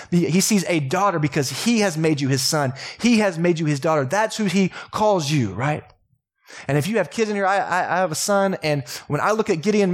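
A young adult man with a Texan accent, preaching a sermon as pastor in a relaxed, joking, conversational way. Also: on the high side, breathy edge. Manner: casual, joking, conversational preaching with laughs and asides. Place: church sanctuary.

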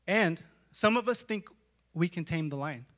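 A man preaches with a high, bright, ringing voice. He talks casually, tossing in "like" and "right?", and swings from quiet, intimate stretches to full shouts. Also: animated, normal speed. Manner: dramatic swings from hushed to shouting; conversational, with filler "like" and "right?". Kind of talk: sermon.

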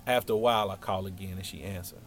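A young man with a deep voice talks fast, telling a funny personal story in casual slang. He's animated and acts out every line of dialogue.

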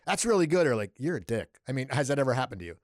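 A man's voice: mid-range voice, very animated, very fast, a little mellow, no echo, studio quality. A male podcast host asking curious, loosely phrased questions. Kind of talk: interview questions.

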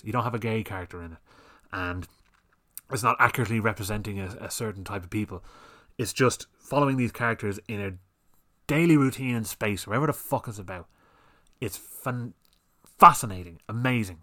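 A man's voice: on the low side, pushed and bright. A man hosting a solo podcast, ranting in a heated, sweary, exasperated way. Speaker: podcast host. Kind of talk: solo opinion rant.

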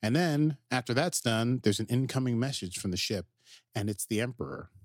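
A man co-hosting a podcast, recapping episodes in casual, animated chat. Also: mid-range voice, normal speed, no room sound, studio quality. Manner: animated, jumps into quoted character voices. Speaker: podcast co-host.

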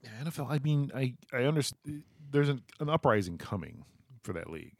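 A man's voice: medium pitch, big pitch swings, brisk, gravelly, no echo, clean studio sound. A man co-hosting a casual sports talk show, loose and joking, often trailing off and restarting.

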